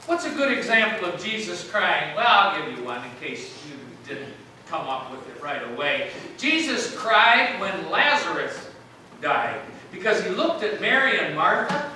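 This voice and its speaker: Preaching in a church sanctuary, this pastor jokes with his congregation and keeps quizzing them in a chatty way. His very high voice is bright and forceful. The mic sits far off in a very echoey room, with slight background noise.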